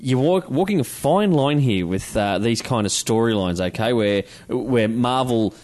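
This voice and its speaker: A man's voice: medium pitch, expressive, a little slow, a little mellow. An Australian man who hosts the show and runs a comic shop, talking in a casual, joking way. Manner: chatty, joking, laughs often. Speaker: podcast host and comic retailer. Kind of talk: casual chat.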